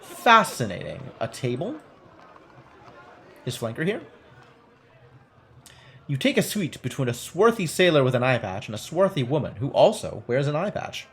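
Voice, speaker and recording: A man's voice: mid-range voice, very animated, moderate pace, long pauses, a little hiss or hum. A male game streamer reading a text game aloud and thinking through it, playful and wry, with casual commentary.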